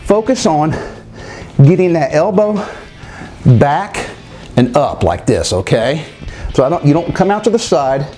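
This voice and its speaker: A man's voice: on the high side, sing-song, measured pace, pauses often, dark tone, faint music behind. A man giving workout instructions, talking straight to viewers and counting reps aloud, winded between sets. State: winded while exercising. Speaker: fitness trainer.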